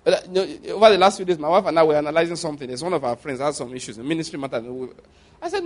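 Man, preacher, conversational sermon, fairly high voice, repeats phrases, quiet then loud. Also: lively intonation, racing. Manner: repeats phrases for emphasis, swings from soft to loud.

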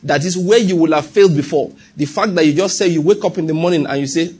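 Husky-voiced male preacher. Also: on the high side, fast, a little mellow. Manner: repetitive preaching, often checks in with the congregation. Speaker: pastor. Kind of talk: sermon.

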